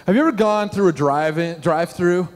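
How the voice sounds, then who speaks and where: A middle-aged man, a pastor preaching a sermon and telling animated stories with questions to the congregation. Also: sits high, a little fast. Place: church sanctuary. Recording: long hall reverb.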